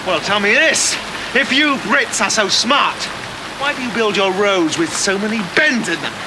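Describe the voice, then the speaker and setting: A man's voice: sits high, lively intonation, moderate pace. An actor playing a haughty, imperious Roman man in a sitcom. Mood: mocking. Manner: imperious, then laughs loudly. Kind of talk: sitcom acting. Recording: loud rain and outdoor noise.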